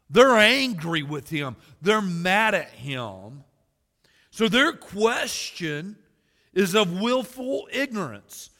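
A man's voice: high-pitched, big pitch swings, takes it slowly, gravelly, pushed and bright, long reverb tail. A man preaching a sermon as pastor, earnest, building emphasis and joking asides to the congregation.

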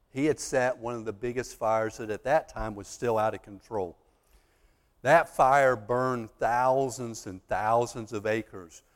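Preacher man in a reverberant hall. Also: medium pitch. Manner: storytelling, acts out the judge and the accused, builds to loud emphatic peaks. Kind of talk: sermon.

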